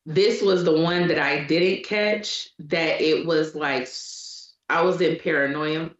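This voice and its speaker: A woman's voice: deep voice, fairly even intonation, slow pace. A woman, a parent co-hosting a podcast, telling a personal story candidly in casual chat. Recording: echoey room, dull lo-fi sound.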